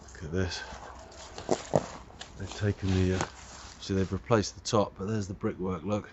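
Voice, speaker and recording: A man's voice: low-pitched, fairly even intonation, normal speed, highs cut off, background noise. A man hosting a walking vlog, thinking aloud about old railway features as he walks an old trackbed outdoors. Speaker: vlog host. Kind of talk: casual walking commentary.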